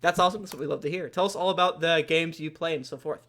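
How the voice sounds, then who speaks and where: A man with a high, bright voice hosts a casual comedy podcast and reads listener reviews aloud. His delivery is playful and jokey, and he jumps to loud emphasis without warning. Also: fairly even intonation, racing.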